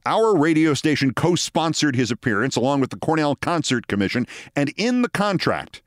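A man in his sixties hosting a show, telling a story in a measured, dramatic way with wry asides. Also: on the high side, very animated, dry recording, studio quality. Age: 60s. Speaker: host. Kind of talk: storytelling monologue.

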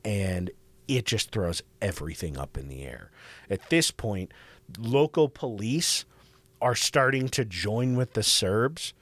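A man hosting a podcast, telling history in a casual, profane, animated way. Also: on the low side, slow pace, dry recording. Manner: profane, animated, acts out quoted voices. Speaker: podcast host.

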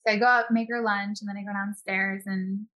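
A woman in her own easy voice, chatting as a podcast guest. She talks in a lively, animated way and breaks into laughter often. Her voice sits in a middle pitch. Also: brisk. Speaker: guest, health and wellness expert. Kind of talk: casual chat.

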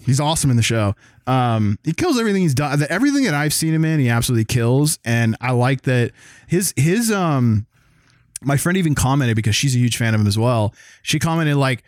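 A man from the American South, chatting casually as a co-host, rambling, excitable and full of swearing. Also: medium pitch, brisk, dry recording, studio quality. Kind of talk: casual chat.

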